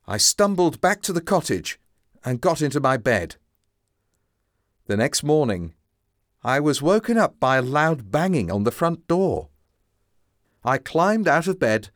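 Slow, expressive male storybook reader. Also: fairly high pitch, no room sound, studio quality. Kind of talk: scripted narration of a simplified classic.

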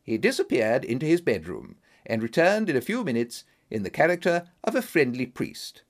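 A man reading an audiobook story aloud with steady storytelling. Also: normal speed. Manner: steady storytelling, animated pitch. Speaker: narrator. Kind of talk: scripted audiobook narration.

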